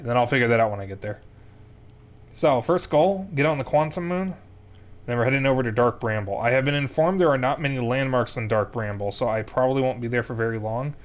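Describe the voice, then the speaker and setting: A young man talks through a game as he plays, thinking aloud as he recaps the story and plans his next steps. His voice sits at a middle pitch, with a casual streamer's delivery. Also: fairly bright tone. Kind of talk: gameplay commentary.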